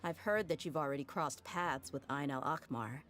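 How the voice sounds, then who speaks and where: A blunt, low-voiced desert mercenary. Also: female voice, normal speed, fairly bright tone. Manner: blunt, matter-of-fact. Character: tough young woman desert mercenary leader, blunt. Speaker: game character in a played cutscene. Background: faint game music.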